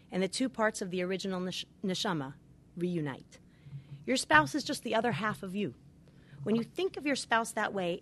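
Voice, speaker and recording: A woman's voice: medium pitch, a bit bright. A middle-aged woman, a marriage therapist, giving earnest, emphatic advice point by point. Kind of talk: advice talk with numbered points.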